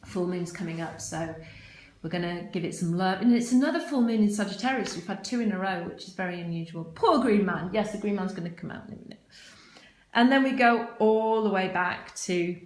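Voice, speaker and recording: A woman's voice: mid-range voice, brisk, reverberant. A woman hosting a casual live session as a spiritual teacher, chatty and encouraging as she reads out viewer comments. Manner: warm, encouraging, chatty with frequent restarts.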